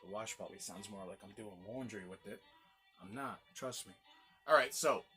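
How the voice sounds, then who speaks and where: A man's voice: fairly low pitch, normal speed, over music. A man hosting a casual gin tasting review, chatty and rambling, exclaiming as he tastes.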